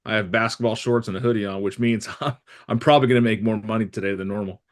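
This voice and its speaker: A man's voice: fairly low pitch, fairly even intonation, quick pace. A man hosting a casual morning team video call, upbeat and teasing. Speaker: host of a morning team meeting. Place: home, working remotely.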